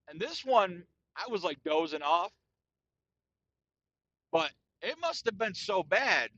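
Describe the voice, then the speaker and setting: Male podcast host, crude boastful ranter, animated delivery, dry lo-fi sound. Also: a little high, dry recording. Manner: crude, profane and boastful, peppered with "dude". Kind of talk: casual solo podcast rant.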